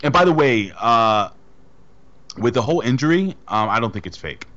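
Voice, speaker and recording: A man's voice: medium pitch, sing-song, moderate pace, fairly bright tone, dull audio. A man co-hosting a podcast in casual chat, talking in a blunt, rambling and emphatic way. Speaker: podcast co-host.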